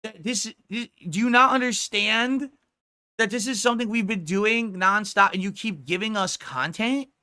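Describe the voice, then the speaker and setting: A man's voice: high voice, moderate pace, bright, forceful tone. A man live-streaming a reaction, laughing and mocking his critics with plenty of profanity.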